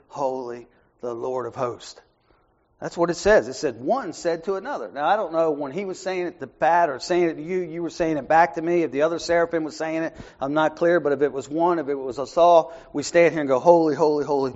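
A man leading an informal Bible study, talking in a conversational way that swings from soft asides to raised emphasis and keeps checking in with "right?". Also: fairly high pitch. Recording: muffled lo-fi recording.

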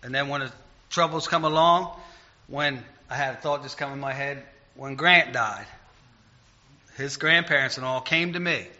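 A man preaching an informal sermon in a conversational way, getting loud and emphatic when he retells stories. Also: medium pitch, normal speed, dull audio.

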